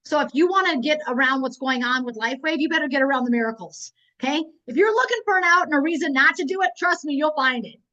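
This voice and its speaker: High-voiced energetic woman presenter. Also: fast, few pauses. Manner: energetic, emphatic storytelling with repetition. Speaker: network marketing presenter. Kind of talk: motivational business talk. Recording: dull lo-fi recording.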